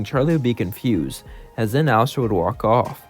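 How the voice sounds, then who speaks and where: A man's voice: mid-range voice, animated, moderate pace. A man telling a fan-fiction story in run-on narration, stringing events together and quoting the characters' lines. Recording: faint music underneath.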